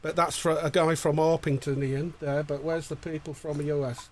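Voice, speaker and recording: A man's voice: a little high, flat delivery, moderate pace, a little hiss or hum. A man, co-hosting a casual livestream and jokingly reading out viewer greetings. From England. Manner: jokey, bantering, stumbles over names.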